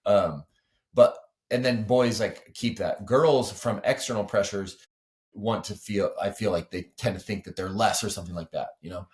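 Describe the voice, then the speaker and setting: Low-voiced man, earnest coach talking. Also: moderate pace, a little mellow. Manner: earnest, explains with lots of 'like' and 'you know'. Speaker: weightlifting coach and guest. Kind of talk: casual podcast conversation.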